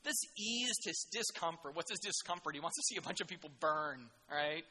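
High, bright-voiced preacher in an echoing hall. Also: male voice, moderate pace, slightly rough. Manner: animated, jokey and sarcastic, with sudden emphatic outbursts. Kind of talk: sermon.

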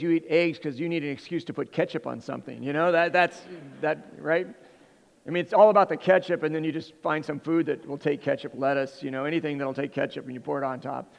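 With a gravelly, high-leaning voice, a middle-aged man from Southern California rambles through a humorous personal tale for an audience. The recording has a long reverb tail and muffled highs, and he's animated, often breaking off to restart.

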